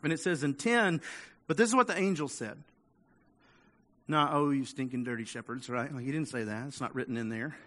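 A man's voice: on the high side, moderate pace, long pauses, pushed and bright. A man preaching a conversational sermon as pastor, restarting words and acting out the voices of people in the story.

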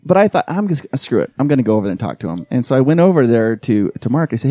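A man's voice: mid-range voice, very fast, no room sound. A man in his forties, a podcast guest and event emcee, telling a story in casual chat and acting out the lines of the people in it. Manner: animated storyteller who acts out quoted dialogue.

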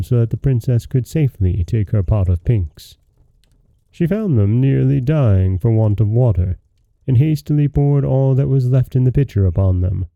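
Gravelly, dark-voiced man reading a fairy tale. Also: mid-range voice, no room sound, highs cut off. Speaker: podcast host and storyteller.

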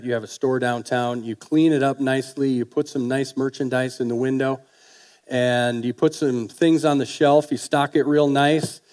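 Male preacher, folksy, chatty sermon delivery, asks the room questions, average pitch. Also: darkish tone. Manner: folksy, conversational, with fillers and rhetorical questions.

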